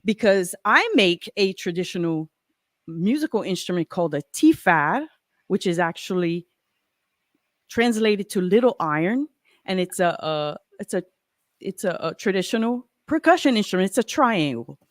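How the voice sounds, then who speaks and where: A middle-aged woman with a Cajun French accent talks in an easygoing, humble way, pausing now and then to find her words. Her voice sits close and dry, with no room sound around it. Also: medium pitch, animated, dry recording. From Acadiana, South Louisiana. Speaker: podcast guest, metal fabricator. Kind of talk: casual interview chat.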